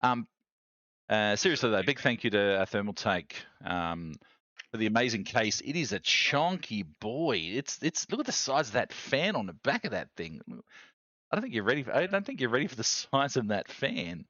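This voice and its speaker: A man's voice: medium pitch, very animated, normal speed, bright, forceful tone, no room sound, muffled recording. A man streaming live, chatty and self-mocking, thinking aloud while he fiddles with his gear.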